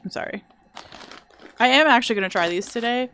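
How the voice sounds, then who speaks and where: A woman's voice: on the high side, animated, brisk, fairly bright tone. A young adult woman streaming a video game, chatting casually in a rambling, self-deprecating way. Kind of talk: casual gameplay chat.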